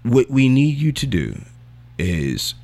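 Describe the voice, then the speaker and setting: A man's voice: medium pitch, wildly swooping pitch, takes it slowly, darkish tone. A young man co-hosting a podcast in casual, slangy, rambling chat while losing his voice. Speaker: podcast co-host.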